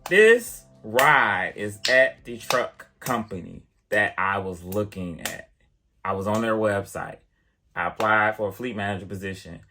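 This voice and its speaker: Bright-voiced man telling a story. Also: fairly low pitch, measured pace, soft background music. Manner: chatty, animated retelling with many fillers. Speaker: vlogger and piano teacher. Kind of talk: casual storytelling to the camera.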